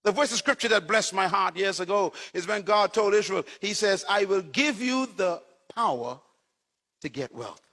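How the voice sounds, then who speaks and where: A man's voice: high voice, animated, normal speed, bright, forceful tone, big-room sound. A man preaching a sermon as a pastor, delivering short punchy phrases and telling stories to his congregation.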